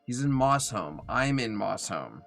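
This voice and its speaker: This young man's voice is on the low side and fairly bright, with vocal fry, very animated but measured in pace; soft music plays in the background. He casually streams a game, reading chat out loud and chatting to himself, yawning and sounding tired.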